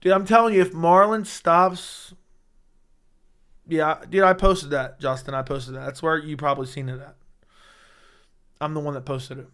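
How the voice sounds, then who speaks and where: A young man hosting a casual fight-talk livestream, excitable and rambling, swearing often, with a voice he says is going hoarse. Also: on the high side, moderate pace, pauses often. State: losing his voice. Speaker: MMA livestream host. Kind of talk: casual livestream chat reading chat.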